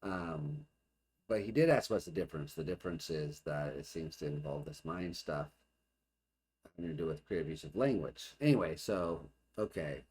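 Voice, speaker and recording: A man's voice: very deep voice, moderate pace, a little mellow. A man hosting a casual reaction, thinking aloud and puzzling over what he hears. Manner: muses aloud, questioning and puzzling over points. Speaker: host reacting to an archive video.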